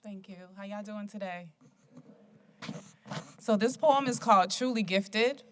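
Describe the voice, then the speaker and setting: A woman poet performing spoken word poetry in an auditorium, rhythmic and rousing, with call-and-response. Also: mid-range voice.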